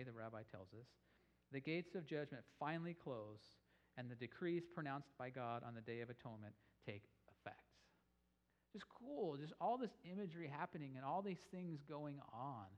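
A man preaching a sermon on scripture, telling the story with energy and raising his voice for emphasis. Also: medium pitch. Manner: animated storytelling, rising with emphasis. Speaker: pastor. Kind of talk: sermon teaching.

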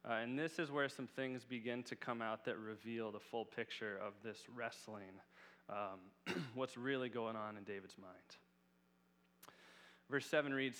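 A man gives a conversational sermon, earnest and relaxed, often pausing on fillers as he teaches. His voice sits at an ordinary middle pitch. A long reverb trails behind every phrase. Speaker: Bible teacher.

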